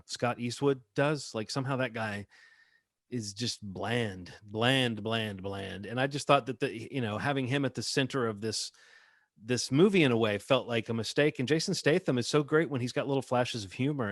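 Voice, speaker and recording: A man's voice: medium pitch, a little fast, no room sound, studio quality. A man co-hosting a casual movie review podcast, opinionated and rambling, drifting into asides. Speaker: podcast co-host.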